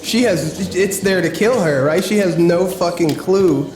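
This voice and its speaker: A man's voice: high-pitched, a little slow, reverberant, crowd noise. A man co-hosting a casual podcast, chatting enthusiastically with casual swearing. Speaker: podcast co-host. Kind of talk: casual chat.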